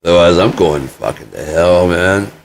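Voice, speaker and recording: A man's voice: deep voice, moderate pace, creaky, a little hiss or hum. A man in a rambling casual monologue, swearing freely and joking at his own expense. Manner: profane, joking, self-mocking. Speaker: vlogger.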